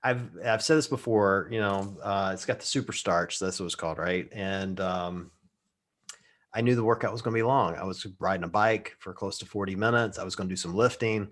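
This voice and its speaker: A man co-hosting a podcast in casual chat, joking and often trailing off into quiet asides. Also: low voice, fairly quick. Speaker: podcast co-host.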